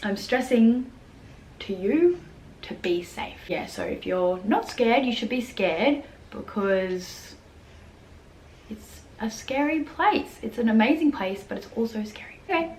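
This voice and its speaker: A woman's voice: a little high, lively intonation, a little slow, darkish tone. Chatty young woman, roomy sound. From Australia. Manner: chatty, lots of "like" fillers, acts out quotes. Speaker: vlogger. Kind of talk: casual storytelling vlog. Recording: echoey room with faint background noise.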